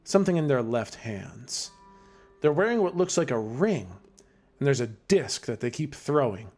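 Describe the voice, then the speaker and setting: A man's voice: medium pitch, sing-song, normal speed, darkish tone, soft background music. A man narrating as game master in a casual way, laughing and filling with restarts.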